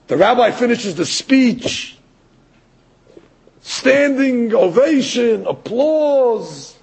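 A man giving a sermon as a rabbi, telling a story in an animated way and rising to emphatic peaks. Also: extremely high pitch, extremely slow, slightly rough, poor audio. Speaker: rabbi or Torah teacher.

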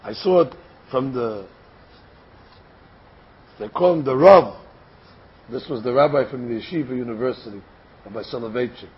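An older man giving a Torah lecture, speaking in a deliberate, explanatory way and posing rhetorical questions before answering them. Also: mid-range voice, husky. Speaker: Torah teacher. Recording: dull lo-fi recording.

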